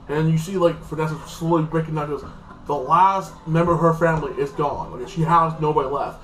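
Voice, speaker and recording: A man's voice: fairly high pitch, fairly even intonation, a little fast, fairly bright tone, a little hiss or hum. Rambling man recapping an episode, echoey. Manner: rambling, repeats "like this" and "freaking". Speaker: TV show reviewer. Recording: echoey room, distant mic, faint music.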